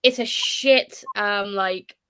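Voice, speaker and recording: A woman's voice: mid-range voice, slow pace, a bit bright, clear, resonant tone. A woman co-hosting a casual book chat who speaks bluntly, swears casually and complains with humor.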